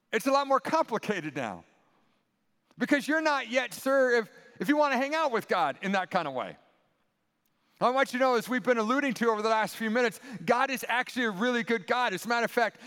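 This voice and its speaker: A male pastor delivers a sermon with a high, buoyant voice that swoops up and down as he jokes and leans into his points. His playful, chatty delivery carries a long echo from a large hall. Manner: animated, conversational, playful asides.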